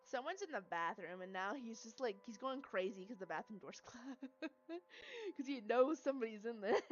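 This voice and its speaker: A woman's voice: a little high, very animated, normal speed, lo-fi sound, a little hiss or hum. A young woman streamer reading a story game aloud and chatting casually, slipping into baby talk with her cat. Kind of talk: game playthrough with reading and chat.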